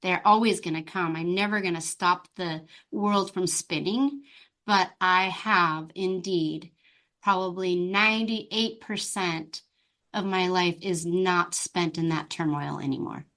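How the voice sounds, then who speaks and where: A woman guest on a podcast interview, a life coach who talks in an open, expressive and bubbly way. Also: on the low side, unhurried.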